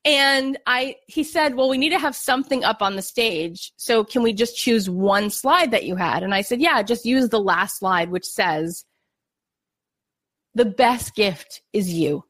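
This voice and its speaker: A middle-aged woman speaks with a slightly high, earnest voice, telling a heartfelt motivational story. She is openly emotional and acts out her own anxious inner voice as she goes. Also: lively intonation, a little slow, a bit bright. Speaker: podcast host and speaker.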